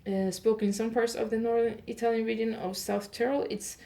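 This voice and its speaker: A woman's voice: a little high, level tone, brisk, creaky, mellow. Chatty woman reading holiday facts aloud. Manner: reads steadily, stops often with "uh" to correct her pronunciation; chatty, laughing asides to listeners. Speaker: host of an audio advent calendar show. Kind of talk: improvised reading of holiday facts with casual asides.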